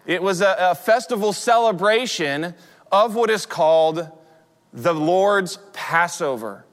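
A man's voice: high voice, animated, takes it slowly, fairly bright tone. A man in his forties preaching a sermon as pastor, telling stories in a conversational way with frequent restarts. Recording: long hall reverb.

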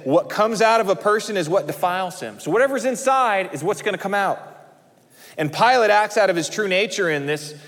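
A male pastor preaching a sermon, swinging his emphasis up and dropping low at the ends of phrases. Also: long reverb tail.

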